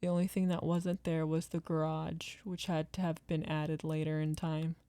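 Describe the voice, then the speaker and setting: A woman narrates a horror story in a calm, measured voice. Her voice sits low and mellow, with little rise and fall. The sound is dry and close. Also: clear, resonant tone, dry recording.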